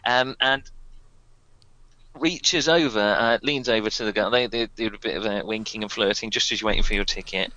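A man, running a tabletop game as game master and narrating in a halting way full of ums and restarts. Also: on the low side, pushed and bright, no echo, poor audio.

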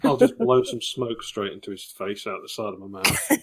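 Man playing a tabletop game, husky voice, lively pitch, wry remarks. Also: normal speed. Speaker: player. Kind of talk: in-character tabletop play.

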